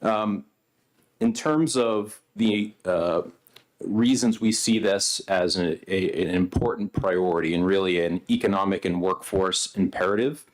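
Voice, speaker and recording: A man representing a business association, giving polished, measured testimony to a senate committee. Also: low voice. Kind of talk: formal testimony. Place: state senate hearing room.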